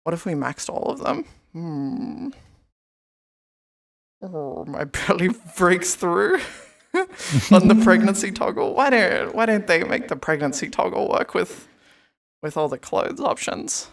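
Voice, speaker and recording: A woman's voice: on the low side, big pitch swings, takes it slowly, vocal fry. A young woman live-streaming in casual chat, rambling and greeting her viewers by name over a headset mic.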